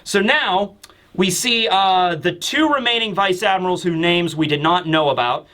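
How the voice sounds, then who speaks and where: A man's voice: sits high, moderate pace, bright, forceful tone. A man reviewing a comic chapter in casual chat, rambling and thinking aloud with many fillers. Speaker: anime and manga reviewer.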